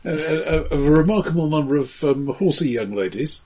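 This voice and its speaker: A man playing a tabletop game, making dry, deadpan remarks. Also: fairly high pitch, moderate pace, slight background noise, poor audio. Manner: dry wit. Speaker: player. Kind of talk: casual chat at a tabletop game.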